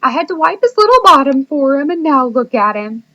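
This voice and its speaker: Emotional teacher-mom for a kids' storybook: high-pitched, sing-song, over the top; a woman acting her out, lo-fi. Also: lively intonation, normal speed, a bit bright. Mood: blubbering. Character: emotional, gushing adult female teacher and mom.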